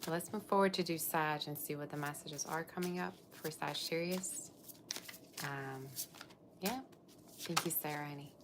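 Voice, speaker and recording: A woman's voice: deep voice, steady tone, normal speed, background noise. A woman reading tarot on a live stream, gushing over her viewers and chatting loosely between cards. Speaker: tarot reader.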